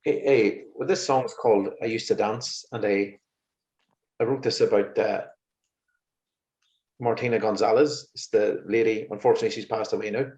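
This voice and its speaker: Man telling lively anecdotes. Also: fairly low pitch, normal speed. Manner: lively, exasperated anecdotes with laughs. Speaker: musician guest. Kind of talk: casual interview storytelling. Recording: roomy, slightly muffled recording.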